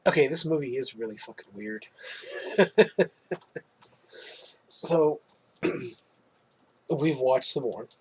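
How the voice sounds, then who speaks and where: A man's voice: fairly high pitch, expressive, extremely slow, pauses often, a little hiss or hum, rough recording. A man hosting a podcast, chatting casually through a movie recap, swearing freely and laughing often. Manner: swears freely, laughs at his own jokes. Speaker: podcast host.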